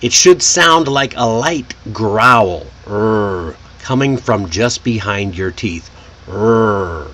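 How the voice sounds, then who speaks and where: A man teaching English pronunciation in a casual spoken lesson, demonstrating sounds and repeating example words slowly. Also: medium pitch, expressive, sharp tone. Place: in Korea.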